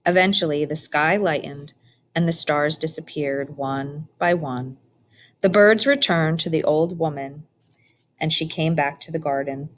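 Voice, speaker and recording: A woman narrating a children's storybook in a calm, measured reading. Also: low-pitched, slight background noise. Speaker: audiobook reader.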